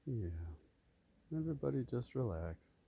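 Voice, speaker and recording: Farmer, male, soft doting pet talk outdoors; gravelly, warm-dark voice. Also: medium pitch, sing-song, normal speed, slight background noise. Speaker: farmer talking to his animals. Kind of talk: casual chat to animals. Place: outdoors on a farm, shady pasture.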